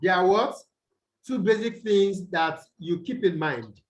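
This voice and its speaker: Nigerian guy teaching english online, high voice, slow, keeps asking the class "what?". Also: rough recording. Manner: slow, repetitive, quizzing students with "what?" prompts. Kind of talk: online tutorial lecture. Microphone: video call.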